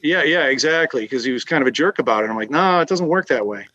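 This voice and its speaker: A man's voice: medium pitch, lively intonation, quick pace, lo-fi sound, crowd noise. A man from Massachusetts telling long fishing anecdotes in a casual chat, with lots of fillers and restarts. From Massachusetts, USA. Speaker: guest telling fishing stories. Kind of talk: casual conversational storytelling.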